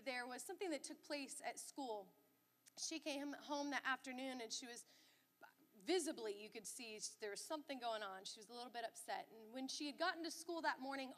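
A middle-aged woman pastor delivers a sermon in a high, bright voice, telling stories with animated, emphatic repetition. Her voice carries a long reverb from a large church hall.

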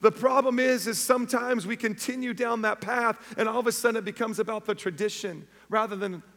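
A man preaching an Easter sermon, conversational and energetic, asking the congregation if they are with him. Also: high voice, brisk. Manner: energetic, conversational, calls to the audience. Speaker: pastor. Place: church auditorium. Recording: long reverb of a church.

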